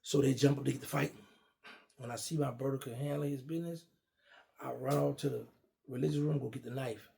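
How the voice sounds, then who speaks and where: A middle-aged man casually telling a long personal story, animated and acting out what others said. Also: mid-range voice, a little fast, vocal fry. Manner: animated, acts out quoted dialogue. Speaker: guest storyteller.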